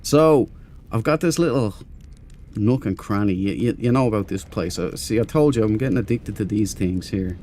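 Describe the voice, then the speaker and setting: A man's voice: on the low side, normal speed, mellow, a little hiss or hum. Man, game streamer, chatty, self-mocking, greets chat, casual live stream talk. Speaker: gaming livestream host.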